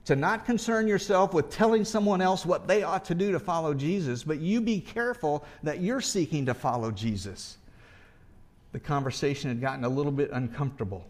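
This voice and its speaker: A man's voice: a little high, fairly quick. A man preaching a sermon in a conversational way, asking rhetorical questions and often restarting as he thinks aloud. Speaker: pastor.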